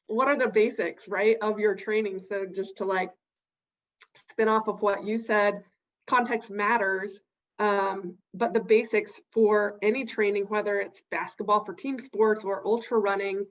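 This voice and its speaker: Female coach, mid-pitched, muffled lo-fi sound, easygoing chatty delivery. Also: unhurried. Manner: relaxed, adds points with fillers. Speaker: running coach, podcast guest. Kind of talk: casual podcast discussion. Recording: dull lo-fi sound.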